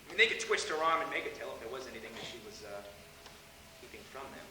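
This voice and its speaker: A young actor playing a dry, suspicious young lawyer, recorded on stage from far off in an echoey hall. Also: male voice, mid-range voice, lively intonation, fast, pushed and bright, slight background noise. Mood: wry. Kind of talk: community theatre acting.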